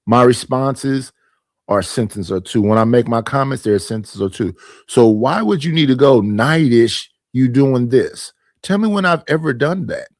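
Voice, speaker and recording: A man's voice: medium pitch, animated, normal speed, no echo, clean studio sound. A man hosting his own stream, arguing his points emphatically and repeating them in a casual monologue. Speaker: streamer and panel host.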